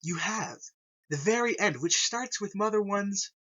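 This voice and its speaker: A young man in a casual fan vlog, rambling excitedly and saying "yo" over and over. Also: high-pitched, measured pace. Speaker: video creator. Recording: dull lo-fi recording.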